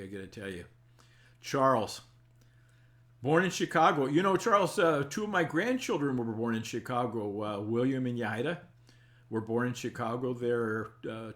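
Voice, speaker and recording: A man's voice: mid-range voice, a bit bright. An older man in the middle of his voice range chats casually on a live stream. He reads viewer comments aloud and answers them in a folksy, rambling way, with small chuckles along the way. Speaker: talk show host reading live chat.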